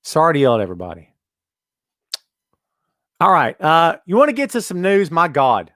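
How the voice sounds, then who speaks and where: A man hosting a wrestling podcast, his voice sitting a little high for a man. He rants with emphatic repeats and short punchy lines, then slides into casual chat. The sound is dry and close to the mic. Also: very animated, measured pace, long pauses, fairly bright tone, dry recording. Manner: ranting, emphatic, repeats himself. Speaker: podcast host.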